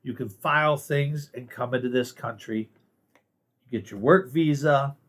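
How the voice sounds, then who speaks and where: A man's voice: mid-range voice, a little slow, a bit bright. A man from the United States giving a blunt, sarcastic monologue of political commentary as the host of his own show. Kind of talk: casual opinion monologue.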